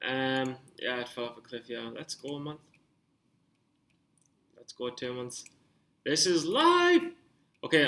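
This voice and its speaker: A young man talking through his stock trades on screen, rambling and getting excited, swearing when worked up. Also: medium pitch, slow, long pauses. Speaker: stock trading vlogger. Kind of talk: casual screen-share commentary.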